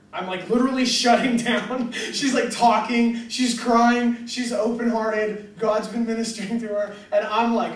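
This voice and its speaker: A man's voice: high voice, a little slow. A young man preaching animatedly to a crowd, telling jokey stories and acting out both sides of conversations. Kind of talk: animated sermon storytelling. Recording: echoey hall mic from a distance.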